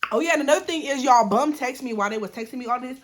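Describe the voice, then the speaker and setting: A woman's voice: sits high, very fast, reverberant. A woman telling a storytime on her vlog, bluntly and profanely retelling a text-message argument in a heated voice.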